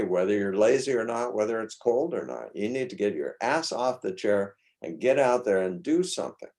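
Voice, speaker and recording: A man gives an informal talk in a low, mellow voice. He is blunt and opinionated, pressing his points hard, and he often trips over and restarts his sentences. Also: very animated, normal speed, hardly any pauses. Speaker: speaker at a talk. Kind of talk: informal lecture.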